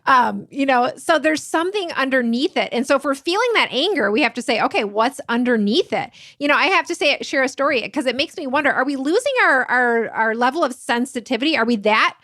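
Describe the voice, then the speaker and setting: A woman's voice: sits high, expressive, a little fast, few pauses, pushed and bright, dry recording, studio quality. A woman hosting a podcast, asking long, enthusiastic, rambling questions in a chatty way. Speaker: podcast host. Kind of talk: podcast interview talk.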